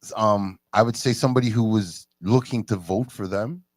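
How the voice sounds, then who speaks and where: A man in casual chat who tells stories animatedly, jumping up in pitch when he quotes people. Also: normal speed, no room sound, studio quality. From Canada. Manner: animated storyteller, jumps high in pitch for quoted speech.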